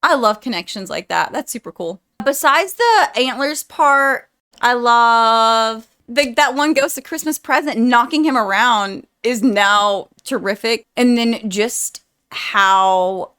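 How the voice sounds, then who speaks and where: A young woman reacts to a movie in a vlog, her voice on the high side, clear and resonant, and slow. She rambles casually to her viewers, warm and heartfelt, saying "like" a lot.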